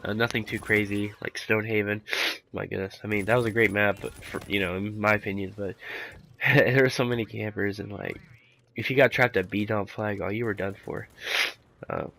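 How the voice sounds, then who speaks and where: A man with a low, gravelly voice, audibly sick and rough, talks through his gameplay in a loose, rambling way. A faint hiss of noise sits under his headset mic. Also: fairly even intonation, moderate pace, pushed and bright. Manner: rambling, lots of fillers, laid-back. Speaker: gaming commentator. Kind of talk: casual gameplay commentary.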